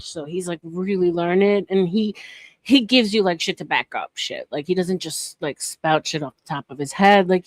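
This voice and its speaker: A woman's voice: fairly low pitch, no echo. A woman hosting a casual livestream, rambling with lots of fillers and laughing often. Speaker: livestream podcast host.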